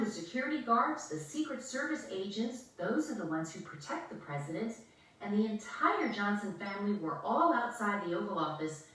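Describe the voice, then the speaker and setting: Expressive female storyteller, lively pitch, distant mic. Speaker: author reading her book. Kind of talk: children's story reading. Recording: echoey room, mic far off.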